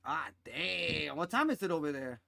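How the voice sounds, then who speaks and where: A man hosting a game stream, chatting loudly and excitably with plenty of swearing and laughter. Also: fairly high pitch, moderate pace, creaky, no echo. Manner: loud, excitable and profane, laughs often. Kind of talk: casual gaming chat.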